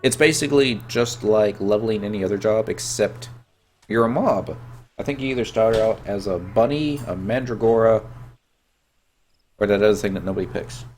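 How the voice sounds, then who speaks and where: Man with a head cold, lowish voice, casual joking gamer chat, faint game music behind. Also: normal speed, darkish tone. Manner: chatty, joking, reads and answers chat. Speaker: game streamer.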